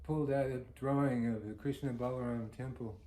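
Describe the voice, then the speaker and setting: A man's voice: mid-range voice, steady tone, brisk, mellow, a little hiss or hum. A man giving a devotional storytelling talk, earnest and anecdotal, chuckling now and then. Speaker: devotional speaker. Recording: roomy echo.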